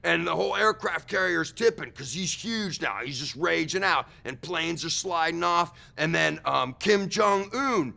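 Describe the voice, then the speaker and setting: A young man playing a rambling witness in a comedy sketch, telling a wild story and shouting out the quotes. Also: fairly high pitch, lively intonation, a little slow, creaky, hardly any pauses. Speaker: mock witness.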